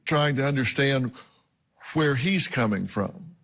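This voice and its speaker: A man's voice: medium pitch, expressive, slow pace, creaky, fairly bright tone. A man hosting a talk show, questioning guests in a direct, probing way.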